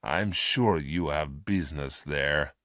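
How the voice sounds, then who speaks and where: A man's voice: rumbling low, slow, pushed and bright, no room sound, studio quality, voice pushed down, exaggerated voice. A man voicing a ruthless male space criminal leader in a storybook reading, with a hard, scheming manner. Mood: harsh.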